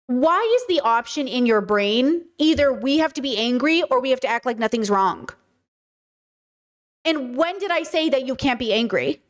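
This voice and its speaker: A woman's voice: high voice, expressive, moderate pace. A woman doing casual livestream commentary, reacting to a clip and pressing her chat with emphatic rhetorical questions. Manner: casual, addresses viewers as girlies. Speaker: streamer reacting to videos.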